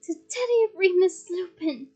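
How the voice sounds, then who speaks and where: A woman's voice: very high-pitched, expressive, measured pace, darkish tone, a little hiss or hum, rough recording. A woman voicing a middle-aged male wizard and new father who exclaims, breathless with happiness. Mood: cheerful.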